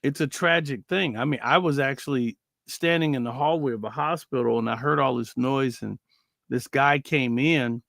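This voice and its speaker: A man co-hosting a casual faith talk show, telling stories with lively acted-out quotes. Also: mid-range voice, normal speed, creaky, no echo, studio quality. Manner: animated storyteller, acts out quoted voices.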